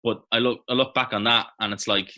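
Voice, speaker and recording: An Irish man in his thirties, an actor reminiscing in a relaxed, rambling interview with many fillers and restarts. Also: mid-range voice, a little fast. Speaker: actor guest. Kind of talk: casual interview chat.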